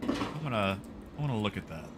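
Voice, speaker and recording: A man's voice: fairly low pitch, sing-song, fairly quick, very noisy. A man streaming a game live, chatting casually with his viewers by name while he plays.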